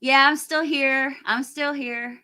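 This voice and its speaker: Chatty bright-voiced woman in her forties. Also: high-pitched, fairly even intonation, slow pace. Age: 40s. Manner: chatty, rambling, laughs often. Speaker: livestream host. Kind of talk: casual livestream chat reading viewer comments.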